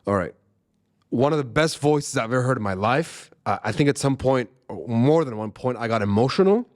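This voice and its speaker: Young male reaction host, mid-pitched voice, excitable and emphatic, repeats his points. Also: moderate pace. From Arab world. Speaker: music reaction channel host. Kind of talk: casual reaction commentary.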